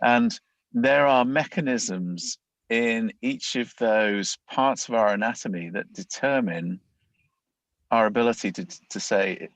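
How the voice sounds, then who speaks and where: A man's voice: mid-range voice, unhurried, a bit bright, dry recording, poor audio. A man, a leadership coach, explaining ideas in a conversational interview, often acting out inner thoughts as quoted voices.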